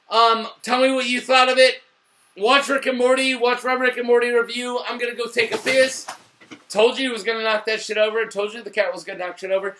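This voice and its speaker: Young male host, slightly drunk, high-pitched and excitable, casual review chat. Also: a little fast. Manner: excitable, swearing, bursts into shouts. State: a little drunk.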